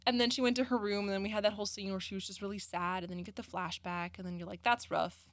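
A woman chats through an anime episode on a podcast, rambling and acting out reactions. Her voice sits at an ordinary pitch. The sound is close and dry. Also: level tone, very fast, no room sound. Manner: rambling, lots of "like" and quoted reactions. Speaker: podcast co-host. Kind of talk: casual anime review chat.

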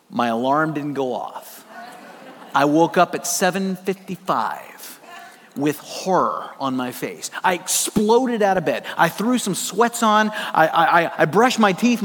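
A preacher from South Dakota telling a personal story in a sermon, animated and humorous. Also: male voice, fairly high pitch, measured pace, a little hiss or hum. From South Dakota, USA. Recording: long reverb of a large hall.

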